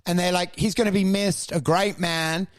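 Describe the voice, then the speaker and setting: A man's voice: sits high, fairly even intonation, moderate pace, dry recording. A man co-hosting a comedy podcast, ranting and swearing in casual banter, mimicking people in exaggerated voices.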